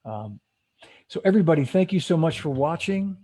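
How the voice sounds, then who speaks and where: A man's voice: on the high side, expressive, moderate pace, dark tone, breathy edge. A man hosting a casual interview over a video call, telling a rambling story with many restarts and frequent laughs. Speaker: host.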